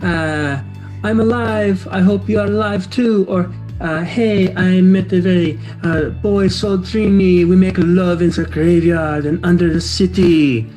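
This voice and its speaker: A man's voice: high-pitched, fairly even intonation, a little slow, mellow, soft background music, voice pushed up. A man voicing a theatrical, dramatic older mother figure who scolds her child in a tabletop game. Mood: mocking. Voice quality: exaggerated foreign-sounding accent, melodramatic.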